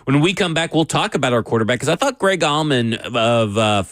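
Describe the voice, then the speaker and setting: A male sports radio co-host talking casually, measured as he lays out figures and leads into segments. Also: medium pitch, expressive, a bit bright, no room sound, clean studio sound. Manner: measured, lays out numbers and segues.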